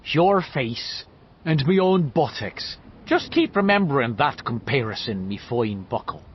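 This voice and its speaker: A man's voice: mid-range voice, lively intonation, unhurried, slight background noise, lightly acted. A man voicing a grown man who fakes a cocky Irish cop, with a broad Irish accent, in a dull lo-fi audiobook recording. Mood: mocking. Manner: cocky, teasing brogue.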